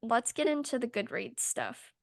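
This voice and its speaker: A young woman co-hosting a podcast, ranting sarcastically in a casual, animated chat with some swearing. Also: fairly high pitch, moderate pace, vocal fry. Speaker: podcast co-host.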